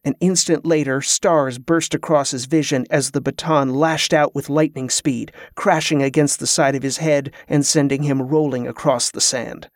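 A man narrating a fantasy novel in a steady, measured storytelling voice. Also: medium pitch, no echo, clean studio sound.

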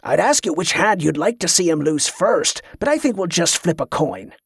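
A man's voice: a little high, sing-song, normal speed, creaky, fairly bright tone, husky, no echo, heavily acted. Man doing a cruel hot-tempered captor, snarling, sarcastic, dry close voice. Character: cruel menacing male captor, quick temper.

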